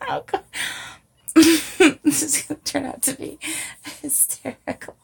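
Young woman with a northern English accent, slow and giggly, husky with a gravelly edge. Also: high-pitched, steady tone. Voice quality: breathy, husky. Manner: giggly, self-mocking, slow and drawn out. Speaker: audio content creator. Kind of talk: casual chat, often whispered.

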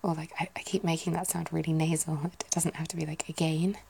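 A British woman in whispered ASMR chat, musing aloud softly and rambling. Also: low-pitched, little pitch movement, fast, creaky, a little hiss or hum. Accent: British English.

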